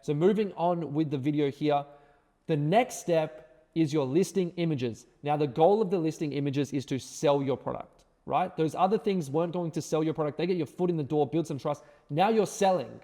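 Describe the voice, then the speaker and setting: A man's voice: a little high, moderate pace, warm tone, in a large hall. A man teaching an online course, talking emphatically with lots of repeated words and tag questions like right and okay. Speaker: course instructor. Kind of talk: screen-share tutorial.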